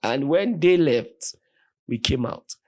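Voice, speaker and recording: A Nigerian man, a podcast guest, telling a story with animated, vivid retelling and voiced quotes. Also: mid-range voice, slow. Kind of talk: dramatic storytelling in conversation.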